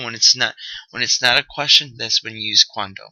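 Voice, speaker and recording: A man's voice: medium pitch, fairly quick, pushed and bright, no room sound, low-quality recording. A man teaching a recorded vocabulary lesson, upbeat and joking, checking in with "okay?" often. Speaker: Spanish teacher.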